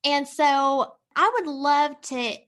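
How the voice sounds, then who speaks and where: A woman hosting an interview podcast, bubbly and quick to laugh, with a slight country twang. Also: high voice, fairly bright tone. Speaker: podcast host.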